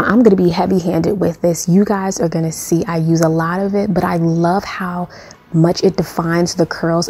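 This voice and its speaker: A woman's voice: on the low side, dark tone, slightly rough. A young woman talking through a hair tutorial in a sassy, playful, chatty way. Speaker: beauty vlogger.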